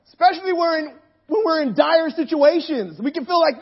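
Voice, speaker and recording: A hoarse man preaching a sermon to a congregation, impassioned, sinking to a hush and then swelling to near shouts. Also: very high voice, expressive, moderate pace, highs cut off. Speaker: pastor. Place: room with a gathered congregation.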